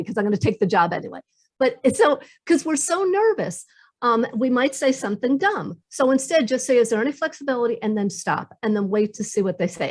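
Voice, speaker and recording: Upbeat woman giving career advice. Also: on the high side. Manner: enthusiastic, acts out quoted dialogue with lively shifts. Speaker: author and career coach. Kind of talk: podcast interview, giving advice.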